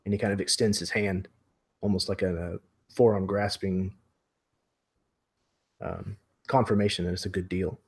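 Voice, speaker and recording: Low-voiced man describing his character. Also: flat delivery, moderate pace, pauses often, slightly rough. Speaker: player. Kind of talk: describing his character's actions in a tabletop game.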